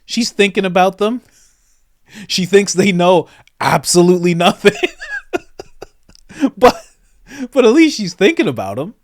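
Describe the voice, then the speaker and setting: Comedic commentator, man, lively mock-disbelief, slightly high voice, dry close mic. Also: a little slow, pauses often, no room sound. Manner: animated, laughing, mock-incredulous. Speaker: commentary host.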